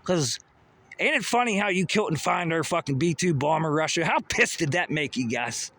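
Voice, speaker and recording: A man's voice: a little high, animated, normal speed, a bit bright. A man delivering a rambling, profane monologue full of pseudo-technical talk, recorded outdoors near a busy road. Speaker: vlogger. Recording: outdoor traffic noise.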